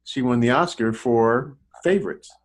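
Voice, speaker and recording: Here a male online film critic discusses films in a laid-back podcast, his talk full of false starts, restarts, and repeated words. His mid-range voice moves at a normal speed.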